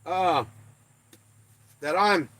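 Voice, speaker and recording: An older livestream host from the American West speaks very slowly in a high, fairly bright voice on a dry recording. He chats in a folksy, self-deprecating manner while reading viewers' comments aloud.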